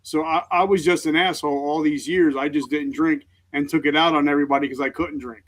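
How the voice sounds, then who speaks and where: Earnest middle-aged man, slightly high voice. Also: steady tone, fairly bright tone. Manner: earnest, halting, emotionally open. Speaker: guest, veteran author and speaker. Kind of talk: candid interview talk.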